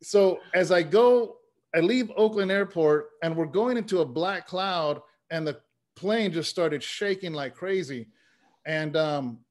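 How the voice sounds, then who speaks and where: Earnest man telling his story. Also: high-pitched. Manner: earnest, story-driven, says "man" often. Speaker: interview guest, pastor and former rapper. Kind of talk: conversational storytelling.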